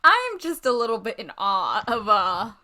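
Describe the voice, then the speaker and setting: A young woman co-hosts a casual podcast, tossing in teasing asides. Her voice is bright and bouncy, swinging widely in pitch as she talks. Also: big pitch swings, measured pace. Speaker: podcast co-host and editor. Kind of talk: casual chat.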